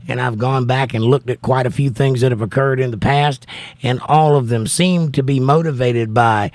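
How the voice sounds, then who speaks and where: A man's voice: medium pitch, darkish tone, no room sound. A man hosting a livestream, chatting casually and wryly while he reads viewer comments aloud. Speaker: livestream host reading chat. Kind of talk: casual chat.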